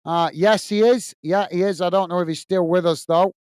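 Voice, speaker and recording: A man from England runs a football watch-along stream, casually reading out comments from viewers, saying uh often and calling everyone mate. His high-pitched, steady voice is clean and a little mellow at normal speed, captured dry in studio quality.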